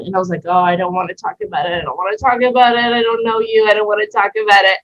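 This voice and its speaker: Animated woman telling a story, lo-fi. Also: mid-range voice, quick pace, few pauses. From Canada. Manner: animated, acts out voices in quotes, swears freely. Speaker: interview guest. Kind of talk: casual storytelling. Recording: dull lo-fi sound.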